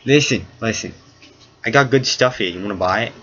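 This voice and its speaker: Man playing cranky old merchant, shrill. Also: fairly quick, husky. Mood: wheedling. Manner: yelling, grumpy, cursing. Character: cranky old male merchant, eighty, shouty. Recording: dull lo-fi recording with faint hiss.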